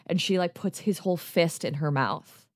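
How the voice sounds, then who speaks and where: A woman's voice: on the low side, normal speed, dry recording, clean studio sound. A woman co-hosting a casual podcast, telling stories with enthusiasm and many filler words, acting out what people said. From United States. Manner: enthusiastic, rambling storyteller, many "like" fillers, acts out quotes. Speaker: podcast co-host.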